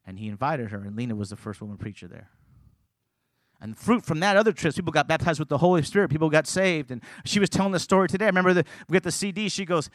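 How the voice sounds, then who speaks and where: A middle-aged man preaching a sermon, telling stories and moving from loud, emphatic lines to quiet, hushed ones. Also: fairly high pitch, lively intonation, fast talker, no echo.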